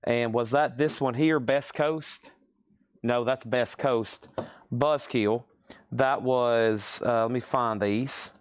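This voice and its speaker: A man's voice: mid-range voice, steady tone, clear, resonant tone, dry recording. A man in the middle of his range runs a livestream record sale, rattling off prices and bids. He speaks to buyers by name and drops in easygoing self-mocking remarks between items. His voice is dry and close, with no room sound. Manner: brisk price callouts mixed with chatty self-deprecating asides. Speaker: host selling records on a livestream. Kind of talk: live auction sales patter.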